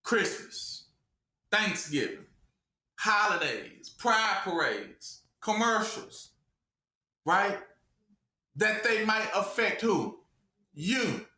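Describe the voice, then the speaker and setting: A man's voice: high-pitched, big pitch swings, slow, long pauses, bright, forceful tone, echoey room. A man preaching a sermon, emphatic, with call-and-response questions to his listeners.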